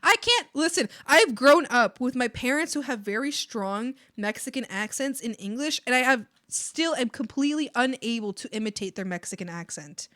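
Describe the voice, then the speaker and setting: A woman's voice: a little high, expressive, normal speed, hardly any pauses, pushed and bright. A Canadian woman livestreaming while she draws, chatting casually with viewers and filling her talk with "like". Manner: chatty, giggly, heavy use of filler "like". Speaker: art streamer.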